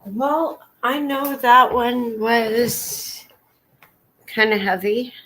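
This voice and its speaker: A woman hosting a casual livestream, talking in a slow, halting way with many apologies, tearful and emotional. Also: on the high side, fairly bright tone, rough recording. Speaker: livestream host.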